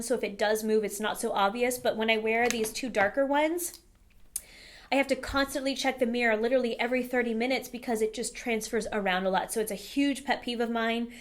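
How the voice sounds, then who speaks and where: A woman vlogger talking to camera in a casual, candid makeup review, chatty with frequent fillers. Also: a little high.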